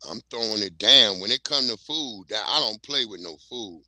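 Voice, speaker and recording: A man hosts a relaxed livestream, joking and cussing freely as he swaps stories. His voice is very bright, and the room around him sounds dry and close. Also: fairly low pitch, moderate pace, dry recording. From Virginia. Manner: loose, joking, profane banter. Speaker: livestream host. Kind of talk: casual livestream chat.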